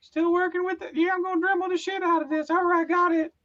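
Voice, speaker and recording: Goofy squeaky-voiced young guy, playful mockery, a man in falsetto; dull call audio. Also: little pitch movement, fast, bright, forceful tone. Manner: playful, mocking impression of a friend. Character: goofy high-pitched young man, cheerful.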